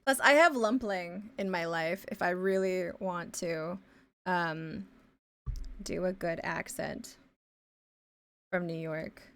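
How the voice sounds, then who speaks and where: A woman's voice: fairly low pitch, slow pace, pauses often. Woman streamer thinking aloud. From Canada, Ontario. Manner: thinks aloud with many fillers, often trails off into quiet mumbles. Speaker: live streamer and pixel artist. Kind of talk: casual chat while drawing.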